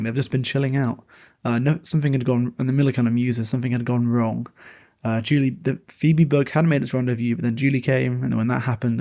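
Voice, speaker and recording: A man hosting a podcast, casually recapping a novel and reading passages aloud, with loose, laughing delivery and quick paraphrased quotes. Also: medium pitch, creaky. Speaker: podcast host.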